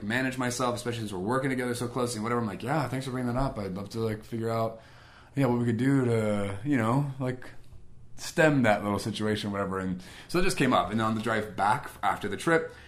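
A young man with a mid-range voice casually recounts a personal story. He's animated, acting out both sides of past conversations and using lots of fillers.

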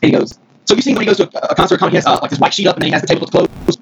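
A man from Mississippi, telling a story as a podcast guest, rambling and excited with many restarts. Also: sits high, rapid-fire. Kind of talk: casual storytelling. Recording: noisy recording.

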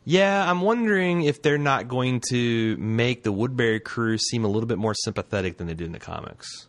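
A man's voice: medium pitch, animated, normal speed. A man co-hosting a podcast in casual chat, rambling and loose, swearing freely and restarting his sentences. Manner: rambling, loose and profane, with many restarts and fillers. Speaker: podcast co-host.

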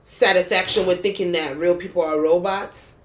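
A woman co-hosting a podcast, chatting casually in a blunt, animated way and laughing often. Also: on the low side, normal speed, echoey room, slight background noise. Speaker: podcast co-host. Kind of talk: casual chat.

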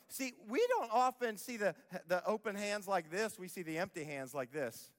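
A man's voice: high voice, very animated, normal speed, few pauses, a bit bright, big-room sound. A man preaching a sermon as pastor, emphatic, repeating key phrases and acting out the voices of people he quotes. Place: church auditorium.

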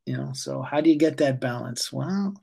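A man, a yoga teacher being interviewed, speaking calmly and haltingly with many fillers as he guides a breathing exercise. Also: medium pitch, gravelly, slightly rough.

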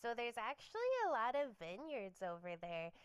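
A young woman co-hosting a podcast, sharing researched facts in a relaxed, chatty way with lots of fillers. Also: on the high side, normal speed, smooth, no room sound. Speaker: podcast co-host. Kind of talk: casual chat.

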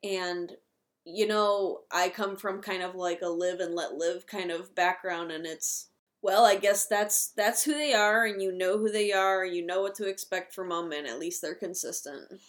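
A woman's voice: on the low side, steady tone, normal speed. A woman co-hosting a casual movie discussion, blunt and opinionated, swearing freely. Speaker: podcast co-host.

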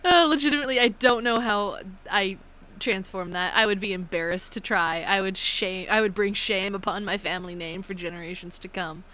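A young woman in casual chat, telling stories in an animated, chatty way. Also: medium pitch, a little fast.

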